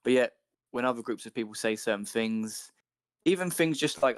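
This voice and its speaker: Man, mid pitch, animated ranting, swears freely, casual chat. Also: normal speed, no room sound, clean studio sound.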